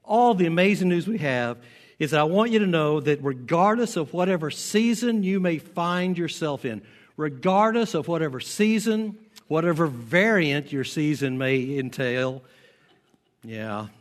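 A pastor with a faint Southern American accent preaching a sermon, stressing his key lines and repeating them slowly. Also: on the high side, expressive. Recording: long hall reverb.

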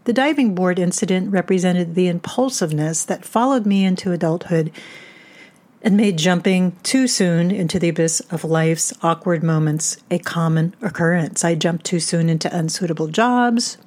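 Wry woman narrator, low voice. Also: moderate pace, darkish tone. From United States. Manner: wry, self-mocking. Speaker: podcast host. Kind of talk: scripted humorous storytelling.

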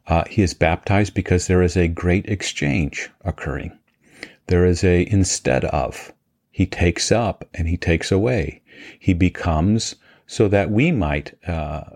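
A man teaching as a pastor, walking through Bible passages in a measured, explanatory way with frequent fillers. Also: sits low, darkish tone. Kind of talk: scripture teaching vlog.

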